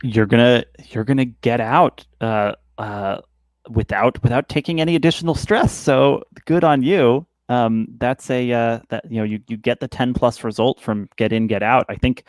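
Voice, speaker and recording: A man narrating as game master of a tabletop game, halting and full of fillers. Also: medium pitch, fairly even intonation, no room sound. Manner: rambling, halting, many fillers.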